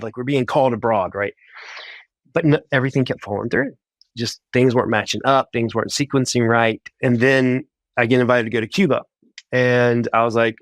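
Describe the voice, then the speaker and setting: A man telling his faith testimony in a casual, animated way. He often says "like" and acts out his own thoughts as quotes. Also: mid-range voice, a little fast, no echo. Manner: animated, full of "like" and quoted inner voices. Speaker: guest sharing a faith testimony. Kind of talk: casual storytelling.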